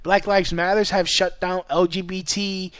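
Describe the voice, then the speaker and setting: A young man vlogger ranting in a loose, rambling way, swearing freely and laughing often. His voice sits fairly high, and the recording is close and dry. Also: level tone, measured pace, a bit bright, clear, resonant tone, no echo. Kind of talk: casual ranting commentary.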